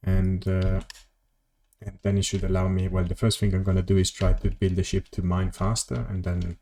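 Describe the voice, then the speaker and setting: A man's voice: low voice, flat delivery, moderate pace, mellow, slight background noise. A man streaming a game from his home office, chatting casually and rambling as he plays, correcting himself and answering chat. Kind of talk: casual gameplay commentary.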